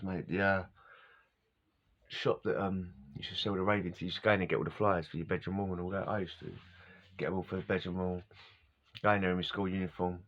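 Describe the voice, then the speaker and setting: A middle-aged vlogger with a low-sitting, fairly bright voice tells rambling personal stories over a dull lo-fi recording. He's casual and wandering, laughing often and losing his words.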